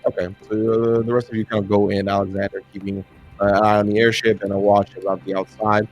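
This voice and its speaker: A man's voice: on the low side, flat delivery, quick pace, darkish tone, dull audio, faint music behind. A man narrating a tabletop game as dungeon master, rambling and hesitant with lots of fillers.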